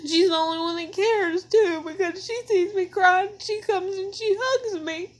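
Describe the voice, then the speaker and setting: A woman's voice: very high voice, measured pace, few pauses. A young mother crying and venting alone at home, tearful and swearing in an emotional vlog rant. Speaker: mother vlogging.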